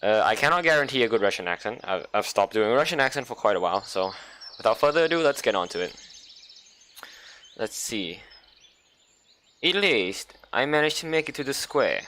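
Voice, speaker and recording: A man's voice: mid-range voice, big pitch swings, normal speed, long pauses, pushed and bright, slight background noise. A young man casually playing through and reading a visual novel, with chatty, self-deprecating asides. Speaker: gaming YouTuber. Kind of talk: let's play, reading a visual novel aloud.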